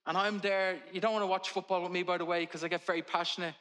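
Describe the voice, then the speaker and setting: A man's voice: high voice, level tone, quick pace, sharp tone. A man, a pastor preaching a sermon in a conversational way with humorous family stories.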